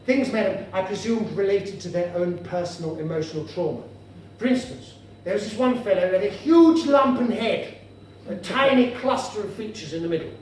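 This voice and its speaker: A man with a high-pitched voice performs stand-up at a comedy venue before a live audience, speaking at normal speed in a pompous, mock-formal, dandyish style. The mic is distant, and the recording sounds noisy and echoey, as if heard from afar.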